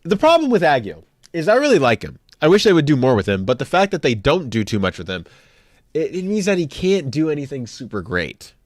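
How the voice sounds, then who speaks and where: A young man streaming live, chatting casually with his viewers in an animated, joking way as he ranks characters on a tier list. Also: a little high, a little fast, dry recording, studio quality. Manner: animated, jokey, talks back to chat.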